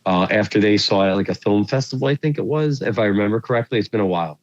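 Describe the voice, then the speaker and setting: A man's voice: on the low side, rapid-fire, no echo, highs cut off. A man co-hosting a movie podcast, chatting casually and rambling with lots of fillers as he searches for words. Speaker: podcast co-host. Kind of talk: casual chat about movies.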